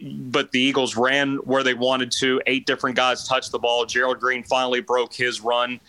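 A man co-hosting a sports podcast, giving a steady, detailed breakdown of a college football game. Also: mid-range voice, moderate pace, no room sound, rough recording. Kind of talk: analytical sports chat.

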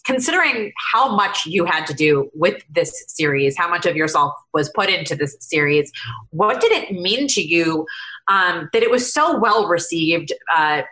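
A woman's voice: lowish voice, animated, measured pace, pushed and bright, echoey room, rough recording. A woman interviewer asking long, chatty questions with small fillers.

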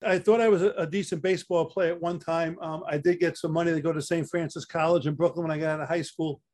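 A man's voice: a little high, steady tone, fast, darkish tone. An older man with a New York accent, from Staten Island, telling stories from his career as an interview guest and often repeating words. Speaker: interview guest, athletic trainer. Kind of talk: casual storytelling interview.

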